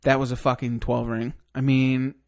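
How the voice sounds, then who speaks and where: A man telling a long hunting story in casual podcast chat, excited and cursing freely. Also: mid-range voice, moderate pace. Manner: excited, swears a lot, rambling hunting story. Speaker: podcast guest.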